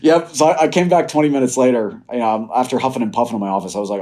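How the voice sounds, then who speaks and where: A young adult man, a podcast guest, telling personal stories in a casual, animated way and laughing now and then. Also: medium pitch, rapid-fire, hardly any pauses. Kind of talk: casual storytelling.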